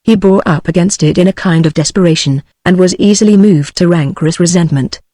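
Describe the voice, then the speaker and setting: A text-to-speech woman's voice with a British English accent, reading a novel aloud in an even, measured way. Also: lowish voice, no echo. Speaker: narrator. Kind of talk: synthetic audiobook narration.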